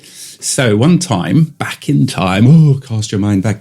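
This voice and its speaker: A man's voice: on the low side, animated, slow pace, warm tone. A man, improvising a rambling, silly comic monologue as a podcast host. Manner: rambling, silly, switches into funny voices.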